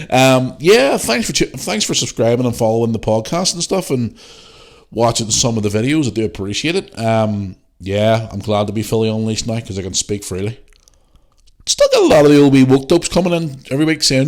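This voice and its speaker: A man's voice: lowish voice, expressive, a little fast, a little mellow. A man hosting his podcast, talking bluntly and swearing freely as he rants. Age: adult parent. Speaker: podcast host. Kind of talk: casual solo podcast talk.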